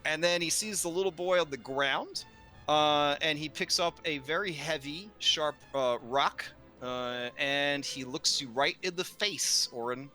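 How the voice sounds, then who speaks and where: A man running a tabletop game, narrating at an unhurried, drawn-out pace. His voice is bright and clear, and he pauses often with hesitant fillers. Faint music plays underneath. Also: on the high side. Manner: slow, rambling, with many fillers and laughs. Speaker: game master.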